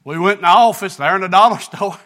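A man, preaching a sermon, telling a folksy story that builds into shouted preaching. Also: high voice, quick pace. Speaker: pastor.

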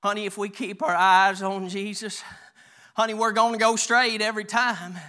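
A man's voice: high-pitched, flat delivery, sharp tone. A man preaching a folksy sermon, calling the congregation "honey" and reading scripture aloud with small stumbles. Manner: calls listeners "honey", reads scripture aloud haltingly.

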